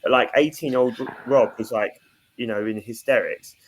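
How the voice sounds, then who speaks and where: A man's voice: medium pitch, normal speed, a little hiss or hum. A man co-hosting a casual podcast, rambling along with lots of "like" and "you know". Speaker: podcast co-host. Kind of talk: casual chat.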